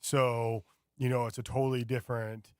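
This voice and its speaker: A man chatting casually on a radio show, telling a rambling, animated story with many fillers. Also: medium pitch, normal speed, smooth, dry recording, clean studio sound. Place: radio studio.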